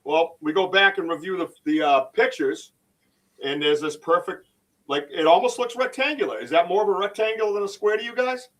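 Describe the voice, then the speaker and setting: A man hosts a loose livestream chat, his voice sitting a little high for a man. He rambles excitedly and restarts his sentences often. He sounds as if he is set back from the microphone. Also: fairly quick, distant mic, rough recording. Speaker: podcast host and Bigfoot researcher.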